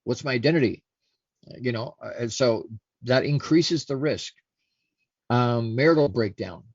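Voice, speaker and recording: A man's voice: medium pitch, unhurried, breathy edge, no room sound, highs cut off. A middle-aged man hosting a talk show, speaking earnestly and often restarting and repeating his sentences. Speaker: host. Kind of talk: casual solo talk show monologue.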